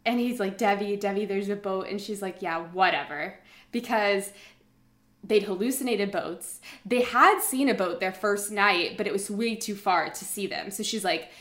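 A woman's voice: medium pitch, moderate pace, a bit bright. A woman casually retelling a survival story to a friend, chatty, with lots of fillers, acting out the quotes.

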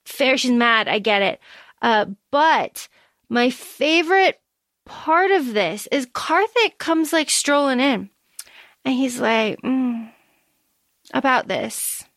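A woman co-hosting a casual book podcast, recapping scenes excitedly, swearing freely and acting out characters' lines. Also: high voice, slow pace, dry recording, clean studio sound. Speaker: podcast co-host.

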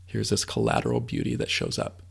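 A man's voice: on the low side, huge pitch swings, a little fast, creaky, breathy edge. A man co-hosting a podcast, casually retelling a film's scenes and acting out characters' lines as he goes. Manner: acts out film characters' lines while retelling. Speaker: podcast co-host. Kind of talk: casual chat retelling a film.

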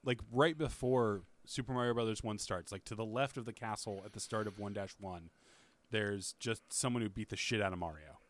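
A man co-hosting a casual podcast about a video game, making deadpan jokes. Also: on the low side, brisk, no echo. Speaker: podcast co-host. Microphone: studio microphone with headphones.

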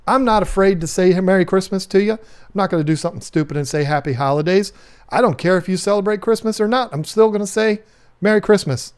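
A man's voice: fairly high pitch, a little mellow, smooth. A man hosting a casual live stream, rambling and joking while he reads out viewer comments. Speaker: livestream host.

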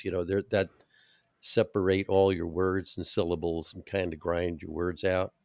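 Older male co-host, South Jersey accent, deep, dry and close, rambling chatter. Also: level tone, moderate pace, vocal fry, no echo. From New Jersey. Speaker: podcast co-host. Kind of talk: casual chat.

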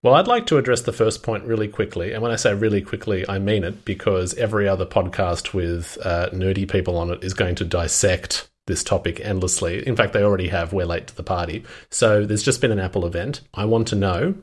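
Dry, wry man with a low voice. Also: brisk, hardly any pauses. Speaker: podcast co-host. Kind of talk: casual chat.

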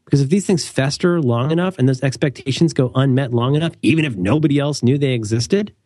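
A man's voice: medium pitch, quick pace, a little mellow, no room sound, clean studio sound. A young adult man co-hosting a casual talk show. He rambles, corrects himself often and adds wry asides. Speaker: podcast co-host. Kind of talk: casual conversational chat.

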